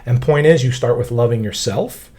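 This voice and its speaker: A man's voice: mid-range voice, mellow. Emphatic man on a casual podcast. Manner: emphatic, swears freely, drawn-out stresses. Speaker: podcast co-host.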